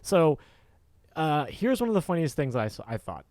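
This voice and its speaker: A man's voice: on the high side, very animated, normal speed, a little mellow, no echo, clean studio sound. A man co-hosting a podcast in casual chat, recapping scenes with mock quotes and frequent laughter. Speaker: podcast co-host.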